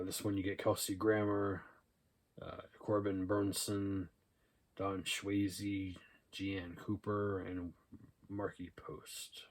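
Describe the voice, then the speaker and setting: Young guy doing a thrift haul, low flat voice, lots of uhs and ums. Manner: relaxed and rambling, with many "uh" and "um" fillers. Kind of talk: casual haul video, reading out DVD titles and cast lists.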